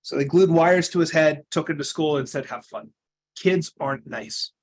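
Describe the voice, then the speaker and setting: A young adult man speaks as a coach, telling his own story with earnest conviction. His voice sits fairly high for a man, and he swings between loud, emphatic lines and soft, quiet asides. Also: moderate pace. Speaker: speaker giving a coaching talk. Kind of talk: personal storytelling talk.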